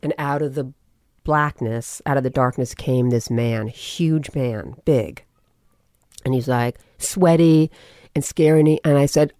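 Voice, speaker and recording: Animated woman telling a personal story. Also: low-pitched, moderate pace, dry recording, studio quality. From California. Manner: animated storyteller, quotes people in voices. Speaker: guest. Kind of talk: casual interview talk.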